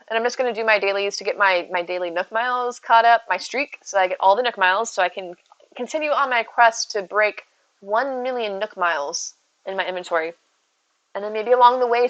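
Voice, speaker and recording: A woman's voice: medium pitch, fairly bright tone, dry recording. A woman streaming a game, chatting casually, thinking aloud and answering chat as she plays. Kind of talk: casual live-stream chat while gaming. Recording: slightly muffled with faint game music.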